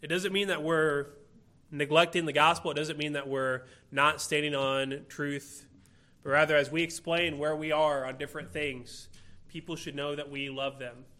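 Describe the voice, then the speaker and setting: Bright-voiced earnest male preacher. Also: on the high side, steady tone. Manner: earnest, rhetorical questions, slow emphatic phrasing. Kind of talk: sermon.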